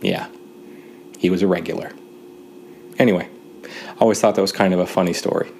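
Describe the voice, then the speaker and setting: A man from Montana telling a wry personal anecdote in a relaxed way, with pauses and fillers. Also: low voice, vocal fry, a little hiss or hum. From Great Falls, Montana, USA. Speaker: storyteller.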